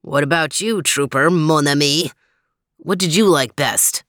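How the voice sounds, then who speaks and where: A woman's voice: low-pitched, unhurried, a bit bright, dry recording, studio quality. A woman voicing a vain, theatrical male dog, speaking in a flowery way in a storybook reading. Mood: grandly pleased.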